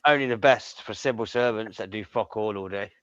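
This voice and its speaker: A man's voice: on the low side, fairly quick, fairly bright tone, smooth, dry recording, lo-fi sound. A man hosting a casual livestream chat, trading crude banter with plenty of swearing.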